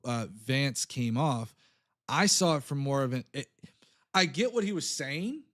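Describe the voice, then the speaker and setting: A man's voice: medium pitch, lively intonation, unhurried, a bit bright. A man hosting a casual political talk show, loose and joking, acting out quotes as he talks.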